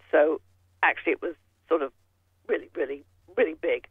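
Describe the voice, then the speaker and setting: A man's voice: on the high side, fairly quick, long pauses, husky, dry recording. A man giving casual political commentary with a rambling, sardonic manner, full of restarts. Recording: tinny phone line.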